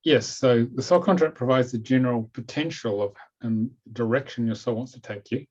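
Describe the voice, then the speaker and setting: A man with a New Zealand accent hosting a webinar over a video call, chatty and relaxed. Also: mid-range voice, normal speed. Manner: relaxed, chatty, says "okay" a lot. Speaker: webinar host. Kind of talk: casual webinar talk. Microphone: computer mic on a video call. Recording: dull lo-fi video call audio.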